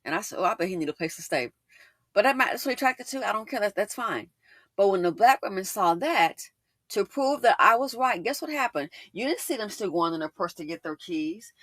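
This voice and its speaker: A woman's voice: mid-range voice, animated, fairly quick, a bit bright, no room sound. A woman host telling a storytime in casual, emphatic commentary, often repeating lines for effect.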